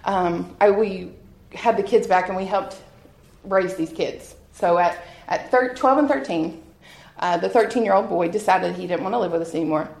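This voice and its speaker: A woman's voice: mid-range voice, gravelly, darkish tone. Earnest woman giving church testimony. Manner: earnest, heartfelt, laughs at herself. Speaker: guest speaker sharing testimony. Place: church hall with an audience. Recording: roomy hall echo.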